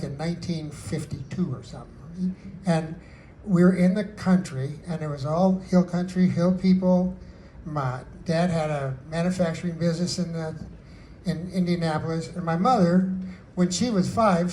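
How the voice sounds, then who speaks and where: A man's voice: fairly high pitch, darkish tone, slight background noise, rough recording. Older man telling folksy stories. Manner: rambling, folksy storytelling. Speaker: singer-songwriter. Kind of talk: storytelling with live songs. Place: book store event.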